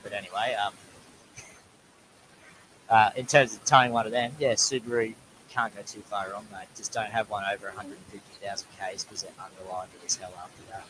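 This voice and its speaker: A man's voice: on the low side, fairly quick, noisy background. Chatty Australian man on a video call. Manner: lively, joking, says mate a lot. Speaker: guest viewer. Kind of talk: casual live-stream chat.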